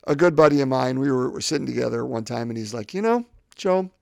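A man's voice: medium pitch, steady tone, fast, gravelly, a little mellow, dry recording, clean studio sound. A man in his fifties hosting a faith podcast, talking reflectively and often repeating words as he gathers his thoughts. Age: 50s. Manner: rambling, repeats words while thinking. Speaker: podcast host.

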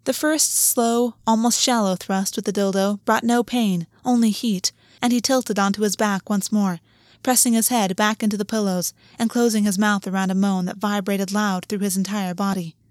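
A woman narrating a story in a steady, measured reading style. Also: medium pitch, no room sound, studio quality. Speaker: audiobook narrator.

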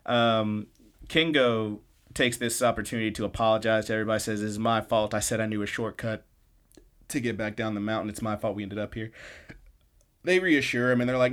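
A man co-hosting a podcast, casually retelling an episode and tossing in quick snippets of the characters' lines. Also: lowish voice, a bit bright. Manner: loose, chatty retelling with quick snippets of quoted dialogue. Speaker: podcast co-host.

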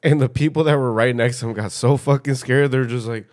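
A man's voice: medium pitch, steady tone, a little fast, darkish tone. A man co-hosting a podcast in casual chat, swearing freely and teasing his friend. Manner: profane, playful teasing. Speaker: podcast co-host.

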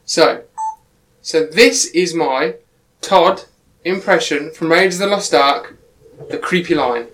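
A man's voice: a little high, slow, a bit bright, slight background noise. A man, hosting a casual film chat and recapping the plot. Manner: recaps the plot, steers the talk. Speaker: podcast host.

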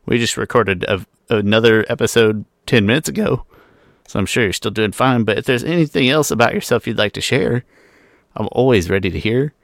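Male podcast host, lowish pitch, dry close sound, casual and chatty with asides. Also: vocal fry, no echo. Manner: chatty, introduces the show with quick asides.

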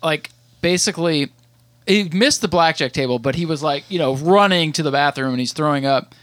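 A man's voice: on the high side, brisk, fairly bright tone, no echo. A man in his thirties, a podcast co-host telling a long rambling story in casual chat, with many restarts.

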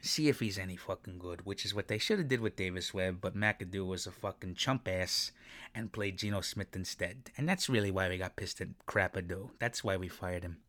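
A man's voice: low-pitched, fairly quick, fairly bright tone. A man ranting emotionally about his football team, swearing often and mixing sarcasm with affection. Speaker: sports commentator. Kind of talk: profane sports rant.

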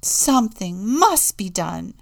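A woman's voice: very animated, slow, vocal fry, heavily acted. A woman reading a storybook aloud, voicing a haughty noblewoman who screams her lines. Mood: alarmed. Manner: loud, screaming, high-pitched. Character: shrill haughty noblewoman, the countess.

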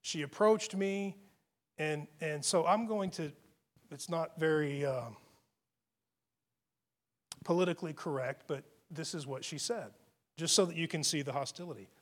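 A man's voice: on the high side, a little slow, pauses often. A man preaching a sermon as a pastor, telling a story in a conversational way and often restarting his phrases.

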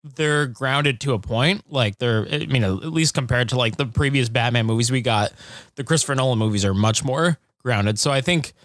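A man co-hosting a podcast in relaxed, rambling casual chat. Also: mid-range voice, normal speed, no echo, studio quality. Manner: laid-back, rambling, lots of fillers. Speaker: podcast co-host.

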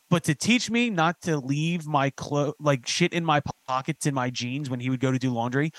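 A young man talks quickly in a slightly high register, swearing freely and acting out stories. He hosts a casual podcast chat. The sound is close and dry. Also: no room sound. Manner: fast, profane, storytelling with acted-out quotes. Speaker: podcast host.

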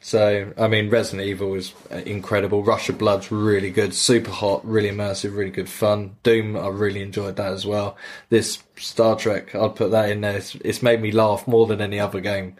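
A man's voice: on the low side, level tone, normal speed. Crude, joking man chatting. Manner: crude, joking storyteller who swears freely; acts out game dialogue in quoted voices. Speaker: podcast co-host. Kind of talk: casual chat.

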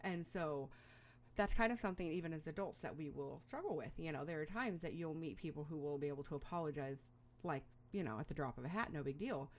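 A middle-aged woman with a notably low, deep speaking voice talks through parenting advice in a relaxed, rambling way. She fills her speech with "you know" and "um," and lets small laughs slip in between her thoughts. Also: quick pace. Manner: rambling, chatty, with frequent fillers and little laughs. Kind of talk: casual advice monologue.

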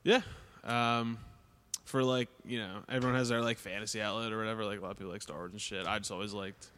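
Podcast co-host: a laid-back man with a smooth, clear voice and dry humor. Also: lowish voice, steady tone, quick pace, fairly bright tone, long reverb tail. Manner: laid-back, short replies, dry jokes. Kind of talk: casual chat.

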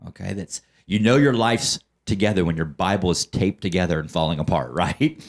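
Deep-voiced fervent man. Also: brisk. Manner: fervent preacher-like delivery with frequent "okay?" and "right?". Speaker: podcast guest. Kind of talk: testimonial storytelling.

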